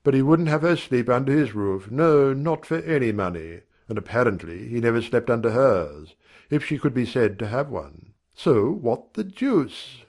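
A man reading a first-person story aloud in a measured, wry storytelling manner. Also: medium pitch, big pitch swings, a little mellow. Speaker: narrator.

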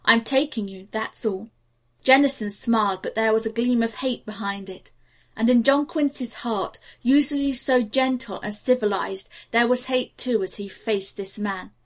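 A woman narrating an audiobook with a steady, expressive reading. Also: a little high, normal speed.

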